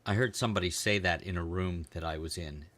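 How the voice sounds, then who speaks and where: Low bright-toned laid-back man. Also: fast, no room sound. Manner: laid-back, swearing, laughs often. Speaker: podcast co-host. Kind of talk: casual comedy podcast banter.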